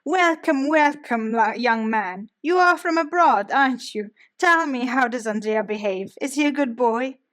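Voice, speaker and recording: A woman reading an audiobook, voicing a fussy elderly Italian grandmother who shouts and repeats herself. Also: fairly high pitch, expressive, unhurried, hardly any pauses. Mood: welcoming.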